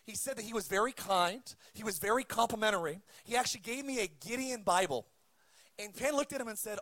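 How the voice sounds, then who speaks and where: A man preaching a sermon, calling for amens and punching his points with shouted peaks. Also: high voice, a little fast, no room sound. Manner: emphatic preaching with amen calls and shouted peaks. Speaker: pastor.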